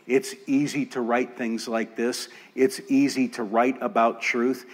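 A male pastor preaching a sermon in a church, measured and emphatic, building his points through repeated phrases. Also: mid-range voice, little pitch movement.

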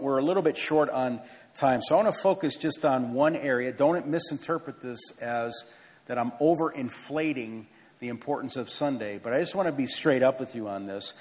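A man's voice: mid-range voice, a little mellow. A middle-aged man, a pastor, giving church announcements from the pulpit in an earnest, conversational way with self-deprecating asides. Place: large church sanctuary with a balcony. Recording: long hall reverb in a church.

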